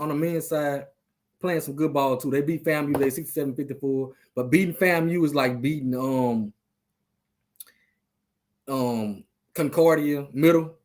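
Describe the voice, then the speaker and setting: Loose trash-talking man on a stream. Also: fairly high pitch. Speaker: podcast host. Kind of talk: casual sports talk on a live stream.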